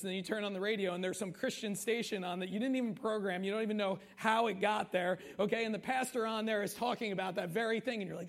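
A man preaching a conversational sermon as pastor, slowing down to stress key points and often asking the congregation "right?" and "okay?". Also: sits high, vocal fry. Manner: slows down for emphasis on key points.

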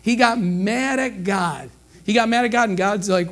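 A man with a fairly high voice preaches a sermon to his congregation. He talks in a relaxed, conversational way, acts out short exchanges between characters, and keeps asking his listeners "okay?". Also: normal speed.

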